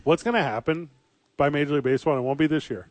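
A man rambles through a casual sports chat as co-host, cracking jokes and trailing into fillers. His voice sits a little high for a man. The sound is dry and close to the mic, with no room around it. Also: racing, no room sound. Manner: joking, rambling, riffs with fillers. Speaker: podcast co-host.

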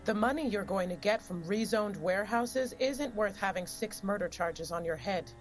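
A woman playing a bold, bossy star reporter in an audio drama, brisk and commanding. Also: medium pitch, faint music behind, natural voice. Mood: defiant.

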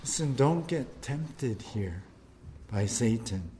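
A man preaching a sermon in an animated, conversational way, often checking in with tag questions. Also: mid-range voice, slow, slight background noise.

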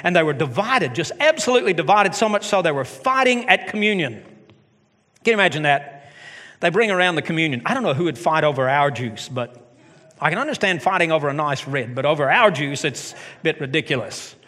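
Man preaching, middle-aged pastor, fairly high voice, lively delivery with humorous asides, long church-hall reverb. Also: brisk. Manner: animated preaching with joking asides. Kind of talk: sermon. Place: church sanctuary.

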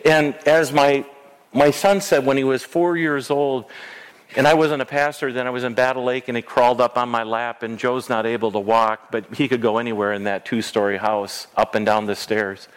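A man's voice: mid-range voice, level tone, moderate pace, smooth. A middle-aged man preaching a sermon as a pastor, earnest, repeating phrases and restarting words as he goes. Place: church sanctuary. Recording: long church reverb.

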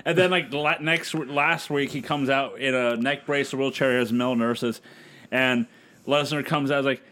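A man's voice: medium pitch, steady tone, normal speed, fairly bright tone. A man co-hosting a casual podcast chat, loose and profane, often quoting others in put-on voices. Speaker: podcast co-host.

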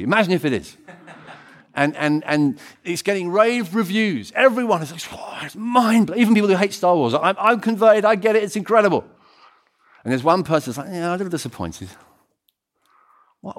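A man preaching a sermon as pastor, swinging between excited loud passages and quiet, intimate ones. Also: high-pitched. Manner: animated, swings from loud to hushed.

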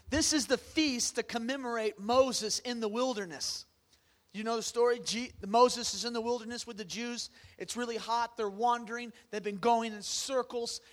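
A man with a high voice delivers a sermon. He talks to the congregation like a conversation and asks them questions. He swings between loud, excited bursts and quiet, hushed lines. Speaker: pastor.

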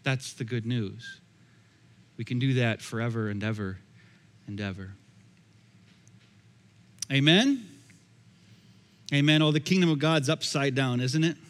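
Preaching as a pastor in a church sanctuary, this man has a mid-range voice and an unhurried delivery that often pauses. His sermon is conversational and leans on repeated phrases, all carried by a long, echoey hall reverb.

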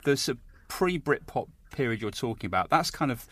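A man leading a casual podcast discussion, his pitch leaping up and down as he gets carried away. He keeps wandering off on enthusiastic tangents, and the sound is dry and close with no room around it. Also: brisk, slightly rough, no echo. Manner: animated, enthusiastic, digressive.

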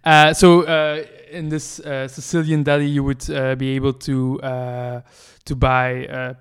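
A man's voice: medium pitch, level tone, a little slow, clean tone. A man, a podcast co-host chatting casually, hesitant with many fillers and restarts. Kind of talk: casual chat.

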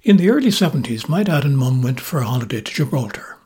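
A man with an Irish accent, hosting a podcast and narrating memoir stories in a measured, gently wry manner. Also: medium pitch, big pitch swings, husky. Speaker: podcast host and storyteller.

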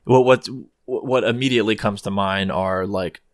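A man's voice: fairly low pitch, moderate pace, no echo, clean studio sound. A man hosting a casual podcast chat, thinking aloud in a rambling, hesitant way with many ums and restarts.

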